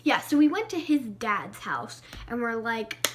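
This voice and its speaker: A woman vlogger telling a story time tale with animated, dramatic delivery. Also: a little high, unhurried, heavy background noise.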